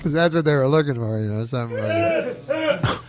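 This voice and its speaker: A man's voice: a little high, wildly swooping pitch, moderate pace, a crowd in the background. Rambling, chuckling man telling a story. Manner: rambling, chuckling, acts out quotes. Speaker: talk show guest. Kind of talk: casual anecdote telling.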